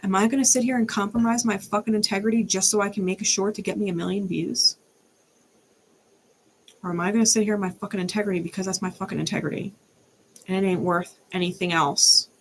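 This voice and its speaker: A woman's voice: mid-range voice, fairly even intonation, fast. A young adult woman, a tarot reader, ranting in a blunt, fired-up way and swearing freely. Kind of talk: unscripted ranting monologue.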